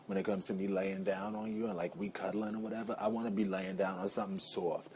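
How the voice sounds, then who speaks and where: A man's voice: deep voice, flat delivery, fast, darkish tone, slight background noise. A man vlogging in a casual, rambling way, full of playful asides. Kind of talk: casual chat.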